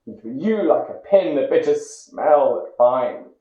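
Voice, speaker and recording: Man, dramatic poetry recitation, very slow delivery, whispers and cries, roomy echo. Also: medium pitch, lively intonation. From Great Britain. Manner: slow, intense, swings between hushed whispers and loud cries. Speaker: poetry reader. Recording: echoey, dull lo-fi recording.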